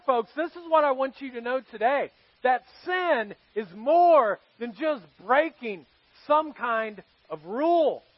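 Speaking in a very high voice, a male pastor preaches to his congregation during a live church service, chatting through stories and asking the crowd questions. The recording sounds muffled and carries no room sound.

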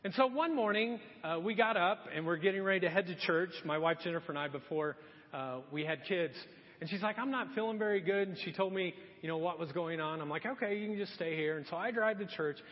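A middle-aged male pastor preaching a sermon, telling a funny personal story with lively energy, then dropping to quiet, earnest appeals. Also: on the high side, a little fast. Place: church sanctuary. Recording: muffled echoey church hall.

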